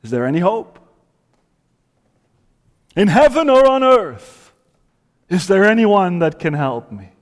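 A man preaching a sermon with passion, dropping to a hush and then rising to loud cries. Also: sits high, sing-song, slow pace, pauses often, big-room sound. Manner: impassioned, swings from hushed to loud cries. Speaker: pastor.

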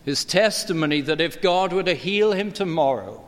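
A middle-aged man preaching a sermon, earnest and expository, his pitch climbing when he presses a point. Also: animated, moderate pace. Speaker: pastor. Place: church. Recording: long church reverb.

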